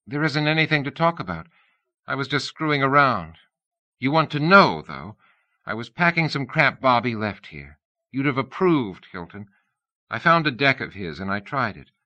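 A man's voice: medium pitch, sing-song, normal speed, pushed and bright, muffled recording, voice pushed up. A man voicing a restless young woman with a blunt, dry, teasing manner. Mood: curt.

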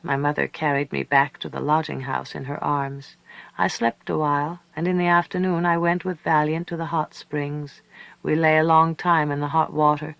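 Gravelly-voiced male storyteller. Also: on the high side, no room sound, dull audio. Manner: calm, measured, reflective storytelling. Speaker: audiobook narrator. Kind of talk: scripted narration.

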